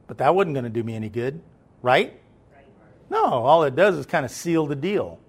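A man delivers a sermon in a conversational way, frequently checking that his listeners are keeping up before building into loud, emphatic preaching. His voice sits a little high with a sing-song lilt, a moderate pace, and a breathy edge.

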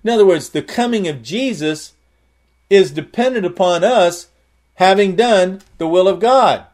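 A man's voice: high-pitched, lively intonation, moderate pace. A man preaching a sermon, explaining Greek words and repeating key phrases with emphatic rises. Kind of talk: sermon with word study.

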